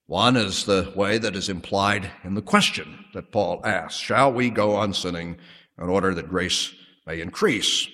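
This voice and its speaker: A man preaching a sermon with measured, emphatic delivery, slowing to stress key words. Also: low voice, in a large hall. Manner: measured emphatic preaching, drops to soft prayer.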